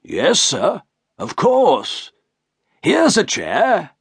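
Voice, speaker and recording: A man's voice: sits high, huge pitch swings, extremely slow, husky, no echo, studio quality, voice pushed up, heavily acted. A man reading an audiobook, voicing an obsequious male shopkeeper who keeps calling his customer sir. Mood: fawning. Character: fawning, pushy male showman shopkeeper. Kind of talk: audiobook character voice.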